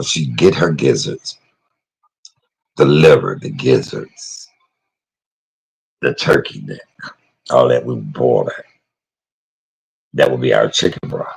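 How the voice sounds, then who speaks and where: Middle-aged guy, super deep voice, gravelly and husky, chatty cooking talk. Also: low-quality recording. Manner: emotional, chatty, talks to live chat by name. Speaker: cooking vlogger. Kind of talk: casual cooking talk to viewers.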